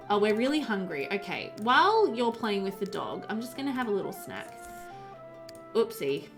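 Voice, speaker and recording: A woman talks her way through a live game stream, sliding between the game and her chat. Her voice sits a touch high and sounds bright and forward. She is chatty and easily excited, with lots of ums, and faint game music plays behind her. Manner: chatty and excitable, many fillers, reads and answers chat. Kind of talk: casual live-stream chat while playing.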